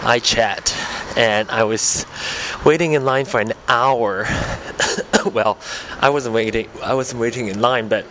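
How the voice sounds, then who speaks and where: A man's voice: medium pitch, fairly bright tone, a little hiss or hum. A man hosting a podcast, talking casually while walking outdoors, out of breath, rambling and correcting himself. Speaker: podcast host. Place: outdoors on street, then in car. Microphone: microphone attached to a portable music player.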